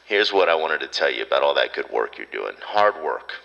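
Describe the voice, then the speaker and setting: A man's voice: a bass voice, very animated, brisk, vocal fry, pushed and bright, in a large hall, lo-fi sound. A man hosting a podcast, riffing sarcastically in a rambling comedic monologue. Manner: sarcastic, riffing, mock rants. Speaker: podcast host.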